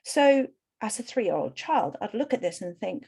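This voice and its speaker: A middle-aged woman coach leads an online workshop in an earnest, explanatory way. She builds her points through repeated lists and direct address. Her voice sits at a middle pitch. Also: big pitch swings, normal speed, gravelly, warm tone, husky.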